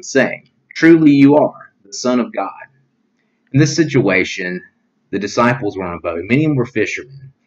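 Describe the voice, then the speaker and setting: A man's voice: lowish voice, highs cut off. A male pastor giving an online sermon in an earnest, plain-spoken way, often saying "you know" as he reads scripture and explains it.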